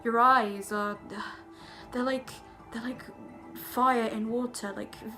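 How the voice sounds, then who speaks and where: Girl imitating a bashful lovesick young wizard guy, halting and hushed, pitched up a touch. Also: steady tone, soft background music. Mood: awkward.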